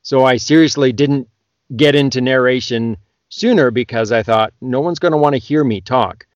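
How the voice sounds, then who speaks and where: A man from Canada talks as a guest on a podcast, telling stories in a quick, chatty way. His voice sits at a middle pitch and sounds close and dry, with no room around it. He comes across as an audiobook narrator talking about his work. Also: no room sound, dull audio. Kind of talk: casual podcast chat.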